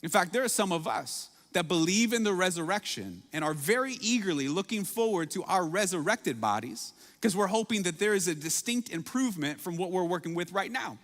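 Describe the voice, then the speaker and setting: A man preaching a sermon as pastor, swinging between hushed, intimate lines and sudden loud emphasis. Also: high voice, lively intonation, fairly quick, hardly any pauses. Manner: dramatic shifts between soft intimate lines and loud bursts. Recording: long hall reverb.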